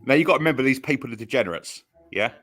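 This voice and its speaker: A man's voice: medium pitch, animated, racing, a bit bright, soft background music. A man on a podcast telling a long rambling story in casual chat, full of restarts and fillers. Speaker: podcast co-host.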